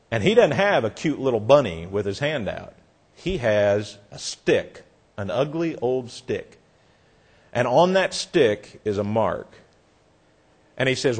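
A man preaching a sermon, telling a story earnestly and dropping soft for effect. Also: medium pitch.

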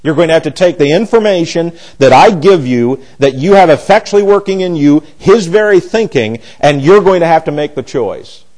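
A man's voice: on the high side, expressive, moderate pace, few pauses, darkish tone, poor audio. Blunt, emphatic male Bible teacher. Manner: blunt and emphatic, with frequent restarts. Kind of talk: Bible class lecture.

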